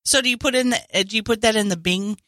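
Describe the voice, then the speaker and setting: A woman's voice: fairly high pitch, fast, fairly bright tone, no echo, clean studio sound. A woman co-hosting a casual podcast who jokes goofily, asks silly questions and breaks into song. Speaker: podcast co-host. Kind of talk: casual crude podcast banter.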